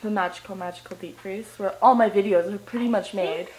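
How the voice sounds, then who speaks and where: A woman's voice: medium pitch, a little fast, noisy background. A young Canadian woman making a goofy, rambling home vlog, hopping from one random thing to the next. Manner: random, goofy, jumps between topics. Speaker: vlogger. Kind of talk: casual vlog. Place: home, around the garage.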